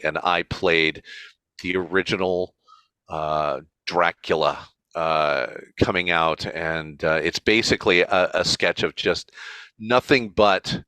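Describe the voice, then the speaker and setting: A man telling stories in a casual interview as a convention organizer, chatty and animated. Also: low voice, smooth, no room sound.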